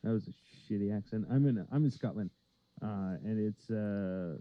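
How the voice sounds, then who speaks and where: A man's voice: on the low side, normal speed. A man co-hosting a comedy podcast in casual, rambling chat with lots of fillers. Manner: laid-back, rambling with many fillers. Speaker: podcast co-host. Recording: slightly dull lo-fi sound.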